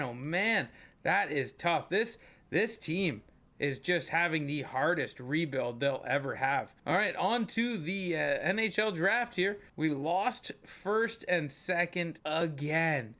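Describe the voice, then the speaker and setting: Young male gaming host, slightly high voice, chatty play-by-play that spikes into excited outbursts. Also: slow pace. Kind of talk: gameplay commentary.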